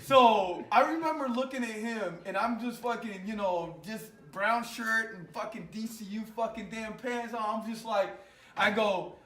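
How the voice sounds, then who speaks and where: A man, an Army veteran, telling an animated, profane war story in casual conversation in a garage. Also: high voice, moderate pace, roomy sound, far from the mic.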